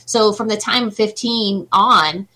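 A woman with a mid-pitched voice that has a bright, forceful edge. As a guest who does psychic readings, she talks in a chatty, reassuring way, keeping the conversation light. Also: measured pace, low-quality recording. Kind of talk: casual interview chat.

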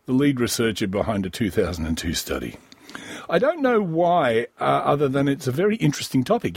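A wheezy man hosts a comedy podcast, riffing crudely and sardonically on a news item, with coughs breaking in. His husky voice swings up and down in pitch. The recording is dry and close. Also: sing-song, normal speed, a little mellow, dry recording. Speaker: podcast host. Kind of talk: profane comic riffing on a news story.

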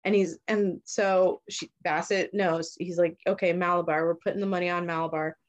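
A woman's voice: on the low side, fairly even intonation, muffled recording. A young woman in casual chat, retelling a story in a loose, profane way and briefly acting out the characters' lines. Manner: casual, profane, acts out characters in quick voices. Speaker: podcast host retelling a story.

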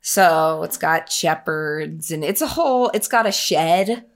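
A woman chatting casually, telling a story in a lively, self-mocking way and putting on the voices of the people in it. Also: low voice, slow. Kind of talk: casual chat.

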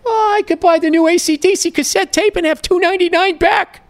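A man voicing a naive teenage boy in a high, goofy, excited voice. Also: brisk. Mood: giddy.

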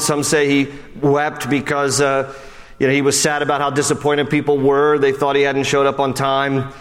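A man's voice: level tone, brisk. Conversational man preaching in a hall. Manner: conversational preaching, swings from high and emphatic to low and hushed. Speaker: pastor. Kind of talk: sermon. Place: church sanctuary.

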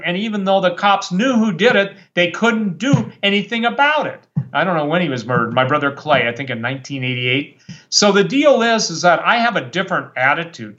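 A man's voice: fairly high pitch, a bit bright, lo-fi sound. A man speaking as a guest preacher on a talk show, worked up and fiery, rambling with many restarts. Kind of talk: impassioned talk-show monologue.

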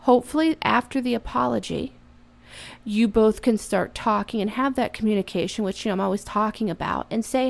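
A woman's voice: fairly high pitch, a little fast, creaky. A woman talking casually and earnestly as a parent, giving reflective advice about apologizing.

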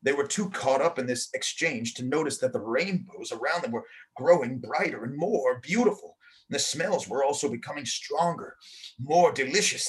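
A man hosting a show, reading a children's story aloud in a playful, expressive manner. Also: on the high side. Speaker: host and storyteller.

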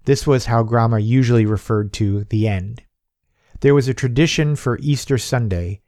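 A man's voice: mid-range voice, moderate pace, darkish tone, no room sound, studio quality. A man reading a short story as an audiobook narrator, giving the characters' lines a lifted, livelier delivery. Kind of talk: scripted narration.

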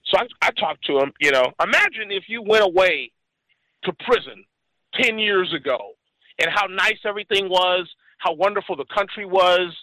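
A man's voice: high voice, moderate pace, sharp tone, dry recording, low-quality recording. A man in his forties telling a story in casual chat, rambling and acting out the voices of the people he quotes. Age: 40s.

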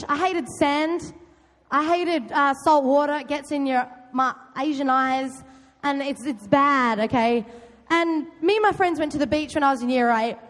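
A young woman giving a loud, chatty youth talk, often quizzing her audience. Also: high voice. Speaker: youth group speaker. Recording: long hall reverb.

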